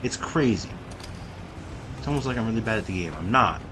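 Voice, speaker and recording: A man giving casual let's-play commentary, rambling and talking straight to his viewers, often breaking into excited exclamations. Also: lowish voice, fairly quick, background noise. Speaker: gameplay commentator.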